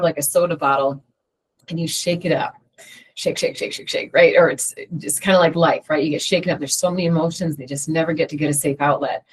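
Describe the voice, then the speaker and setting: A woman with a low, grounded voice leads an emotional health group. She talks conversationally and explains things through everyday analogies, now and then acting out small scenes with other people. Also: darkish tone, breathy edge. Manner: conversational, uses analogies and acted examples. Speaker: group facilitator.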